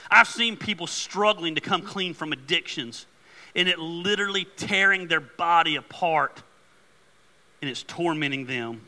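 A middle-aged man preaches with a voice pitched high for a man and a sharply bright, forceful edge. He tells stories in an animated, joking way, then turns earnest. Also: a little slow. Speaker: pastor. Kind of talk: sermon.

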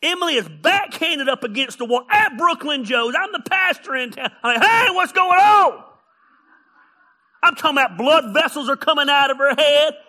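A man preaching a sermon, telling funny stories and often raising his voice to a shout. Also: very high-pitched, fairly quick, few pauses. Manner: animated, often shouting, storytelling. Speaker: pastor.

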